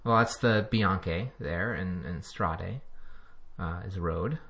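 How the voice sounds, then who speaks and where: A man's voice: low-pitched, slow, creaky, a bit bright. A man co-hosting a podcast in casual chat, rambling and chuckling as he talks. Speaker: podcast co-host.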